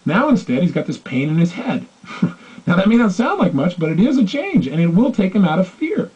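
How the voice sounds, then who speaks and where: Animated, fast-talking male motivational speaker. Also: sits high, slightly rough. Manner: animated, acts out quoted voices. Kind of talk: motivational storytelling talk. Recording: dull lo-fi recording.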